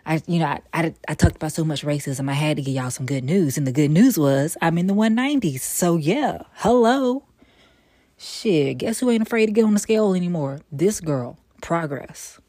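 A woman hosting her own podcast in a casual solo monologue, blunt and profane, swinging from weary sighs to sassy loud outbursts. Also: sits low, lively intonation, fairly quick, hardly any pauses, dry recording, studio quality. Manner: blunt, profane and emphatic, with sudden loud bursts. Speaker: podcast host.

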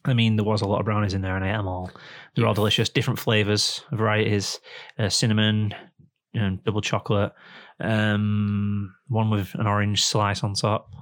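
A man's voice: fairly low pitch, flat delivery, normal speed. A man hosting a podcast, reading a sponsor spot in a rambling, jokey way. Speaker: podcast host. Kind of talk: casual podcast chat and ad read. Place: indoor room, face to face with guest.

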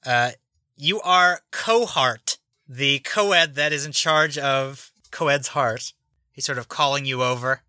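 Bright, dry-voiced man running the game. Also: mid-range voice, slow, dry recording. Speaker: game master. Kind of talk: narrating a tabletop game.

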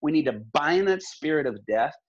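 A man's voice: on the high side, animated, normal speed, highs cut off. A male pastor talking in an interview, telling stories in an earnest, impassioned, preacherly way. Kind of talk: earnest conversational storytelling.

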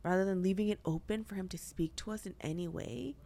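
A young woman hosting a podcast speaks quickly in a warm, steady, mid-range voice. She discusses faith casually but earnestly, chatting with lots of filler words.

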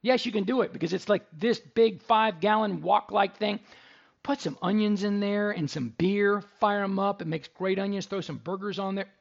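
A middle-aged man hosts a radio talk show, doing casual talk and an ad read at a moderate pace. His high voice carries a gravelly rasp, and he's a chatty, jokey storyteller. The recording sounds a little dull and lo-fi.

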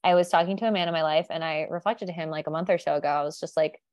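A woman co-hosting a podcast in loose, candid chat, wandering from thought to thought and laughing as she goes. Her voice sits on the low side, recorded dry and close. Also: fairly even intonation, very fast, a little mellow, dry recording. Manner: candid, rambling, laughs often. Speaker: podcast co-host. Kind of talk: casual chat.

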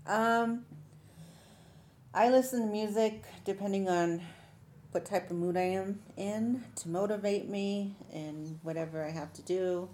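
A woman talks slowly and easily in a casual group discussion, her mid-range voice unhurried. Faint noise hums underneath. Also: medium pitch, fairly even intonation, a little mellow. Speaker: discussion participant.

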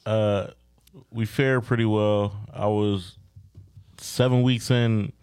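A man's voice: lowish voice, fairly even intonation, takes it slowly, a little mellow, smooth, no room sound. Chill guy rambling about his week on a podcast, dry sound. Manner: laid-back, rambling, profane. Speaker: podcast co-host. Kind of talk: casual chat.

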